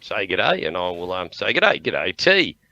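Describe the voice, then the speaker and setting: An older Australian man chats loosely with his viewers and coos at his dog between stories, wandering from one thought to the next. His voice sits very low with a gravelly, fried texture and a bright edge on top. The sound is dry and dull, like a lo-fi stream mic. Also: very animated, a little slow. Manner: chatty and rambling, talks fondly to his dog. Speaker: livestream host. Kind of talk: casual chat.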